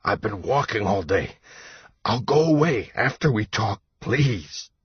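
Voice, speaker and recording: A weak, unwell young man pleads urgently, as a male narrator voices him, his husky voice low and slow. The audiobook recording is dull and dry. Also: sing-song, no room sound, heavily acted. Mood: pleading. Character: sick, desperate young man pleading at a door.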